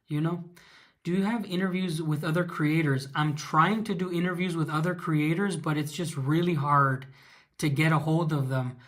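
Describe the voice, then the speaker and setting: A man's voice: on the high side, a bit bright. A man from California hosting a casual livestream, rambling with many fillers as he reacts to viewer comments. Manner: rambling, many fillers, reads chat aloud. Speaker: livestream host.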